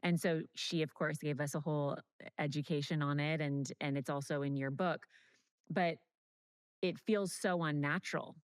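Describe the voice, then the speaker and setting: A woman's voice: low voice, steady tone, moderate pace, clear, resonant tone. A woman hosting a podcast, reflecting thoughtfully in casual conversation. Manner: reflective, with many fillers and restarts. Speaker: podcast host.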